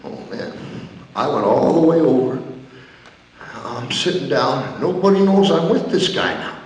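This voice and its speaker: A man's voice: fairly high pitch, lively intonation, unhurried. An actor on stage playing a veteran male pro wrestler, telling a comic story in punchy, short dramatic beats. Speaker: stage performer. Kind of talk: theatrical storytelling monologue. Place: theater stage. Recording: echoey hall from far off.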